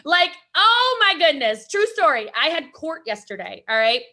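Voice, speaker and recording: Bright, animated woman speaker. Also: high voice, normal speed. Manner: chatty, rambling, self-interrupting, laughs a lot. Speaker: event speaker. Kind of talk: energetic motivational talk with stories.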